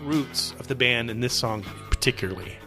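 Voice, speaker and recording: A man's voice: medium pitch, normal speed, bright, forceful tone, soft background music. A man co-hosting a podcast in playful, joking banter, his voice a little wheezy. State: slightly wheezy. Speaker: podcast co-host. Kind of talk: casual chat.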